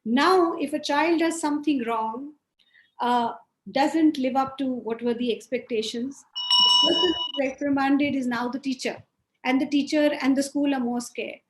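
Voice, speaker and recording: A woman from India speaking firmly as a panelist in an online discussion, often pausing with "uh". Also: high voice, big pitch swings, slight background noise. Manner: firm, with frequent hesitations. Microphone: video call. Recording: echoey room.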